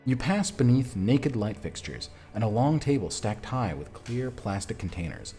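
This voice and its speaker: A man streaming a text adventure game, reading the story aloud and chatting casually about his choices in a lively, self-mocking way. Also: medium pitch, moderate pace, soft background music.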